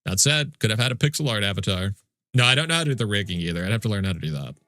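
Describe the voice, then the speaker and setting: A man's voice: on the low side, lively intonation, rapid-fire, pushed and bright, no room sound. A man streaming a game live, chatting casually with viewers in mock-indignant, joking complaints and swearing freely. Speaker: livestreamer. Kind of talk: casual livestream chat with viewers.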